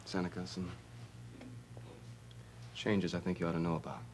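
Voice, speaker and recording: An actor playing a gentle, hesitant friend in a TV soap opera, probing carefully with many pauses. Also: male voice, deep voice, flat delivery, music in the background, natural voice.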